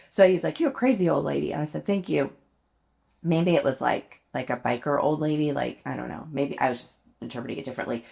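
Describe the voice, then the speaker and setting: Chatty low-voiced woman, laughing often. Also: gravelly. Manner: chatty, laughs often, self-deprecating storytelling. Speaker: podcast co-host. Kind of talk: casual chat.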